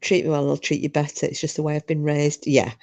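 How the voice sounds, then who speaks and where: A woman's voice: low voice, little pitch movement, fast talker, creaky, darkish tone. A woman hosting a live chat with viewers, talking bluntly and casually, swearing freely. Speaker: livestream host chatting with viewers.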